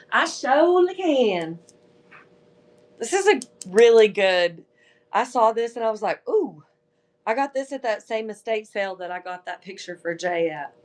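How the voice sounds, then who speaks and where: A woman hosting a live online sale, chatting casually and telling stories full of fillers like "like" and "um.". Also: medium pitch. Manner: chatty, animated storytelling with filler words. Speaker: live-selling host. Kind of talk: casual livestream chat.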